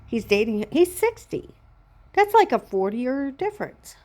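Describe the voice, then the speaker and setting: A woman vlogging in a rambling personal monologue, telling a long story plainly and slowly and often checking in with "Okay?". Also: a little high, very animated, mellow, slight background noise.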